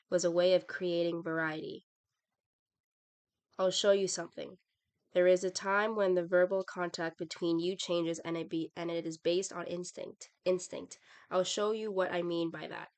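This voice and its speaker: A woman's voice: on the low side, little pitch movement, normal speed, a little mellow, clean tone, lightly acted. A woman reading the lines of an older male acting teacher who explains firmly and bluntly. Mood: instructive. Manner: firm, explaining.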